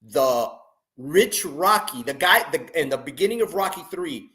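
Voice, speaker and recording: A man in casual chat who talks haltingly with lots of restarts, sounding enthusiastic. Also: a little high, lively intonation, pushed and bright.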